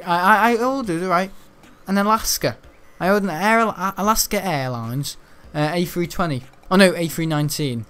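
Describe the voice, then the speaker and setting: A man giving rambling, chatty gameplay commentary, laughing often and breaking into excitable outbursts. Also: a little high, clear, resonant tone. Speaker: gaming channel host.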